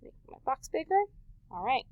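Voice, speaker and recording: A woman teacher giving a recorded vocabulary lesson to young children, animated and full of questions, stretching words for emphasis. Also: high voice, moderate pace, narrow, tinny audio.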